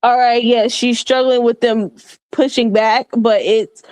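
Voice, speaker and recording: A woman with a fairly high voice talks basketball on a podcast. She thinks out loud and restarts often, then lands on coaching-style advice. The sound is dry and close. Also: fairly even intonation, unhurried, dry recording. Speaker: sports podcast co-host. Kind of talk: casual basketball chat.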